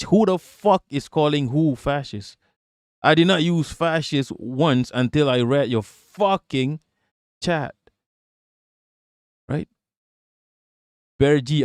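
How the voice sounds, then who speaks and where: A man's voice: a little high, smooth, no echo, studio quality. A man hosting a livestream, reading viewer comments aloud and answering them in a rambling, profane way. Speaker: livestream host.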